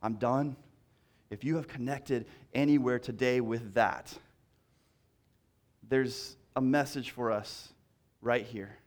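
A man's voice: mid-range voice, steady tone, takes it slowly, pauses often. A male pastor preaching a sermon in a conversational way, repeating key lines and restarting phrases as he talks.

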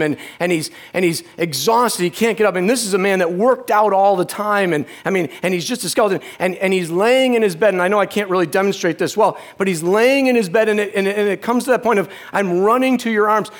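A middle-aged man preaches a sermon built around a personal story, restarting haltingly and dropping to a hush. His voice is high-pitched.

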